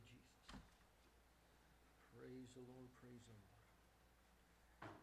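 A man preaching a sermon as pastor at a church service, fervent and emphatic, slowing down to read scripture with deliberate weight and asking the congregation for amens. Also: fairly high pitch. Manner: reads scripture slowly and deliberately.

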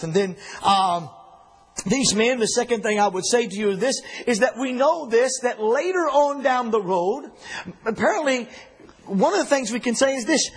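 A man teaching a Bible study in an animated, folksy way, often repeating himself. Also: extremely high pitch, husky.

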